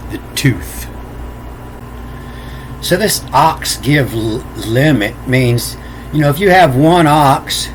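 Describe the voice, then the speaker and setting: Slow, halting man spelling out letters. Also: medium pitch, a little hiss or hum. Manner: halting, repeats words, spells out letters one by one. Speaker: self-taught lecturer. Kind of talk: unscripted explanation of ancient letters.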